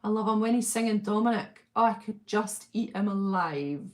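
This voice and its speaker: A woman's voice: mid-range voice, normal speed, a little mellow. Chatty Welsh woman, gushing and laughing. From Wales. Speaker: livestream host. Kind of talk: casual chat reading viewer comments.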